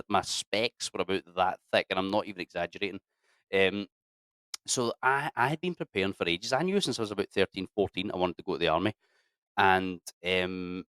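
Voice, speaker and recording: A Scottish man in his thirties tells army stories in a relaxed interview, bringing to life the people he quotes. His voice sits low and close, with a dry, deadened sound. He talks casually and swears freely. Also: no echo. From Scotland. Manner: animated, acts out quoted dialogue, swears freely. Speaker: interview guest, army veteran.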